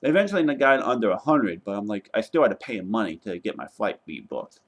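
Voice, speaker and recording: A young man vlogging casually, retelling a travel mishap in an exasperated, animated way and swearing now and then. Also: fairly low pitch, fast talker. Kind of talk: casual travel vlog rant.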